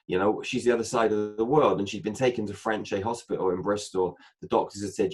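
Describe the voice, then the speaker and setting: A man with a lowish voice talks briskly as a guest in a casual interview, telling a long story with animation. He acts out the dialogue throughout, using lots of "I said" asides.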